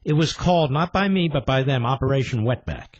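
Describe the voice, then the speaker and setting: A man's voice: mid-range voice, expressive, a little fast, no room sound, lo-fi sound. A man hosting a combative political talk radio show, indignant and emphatic, firing rhetorical questions and repeating his points.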